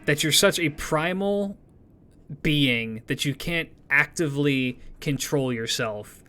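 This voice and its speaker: A man's voice: a little high, lively intonation, takes it slowly, pushed and bright. A man streamer talking casually and animatedly to his viewers, swearing freely as he rambles through opinions and sign-offs.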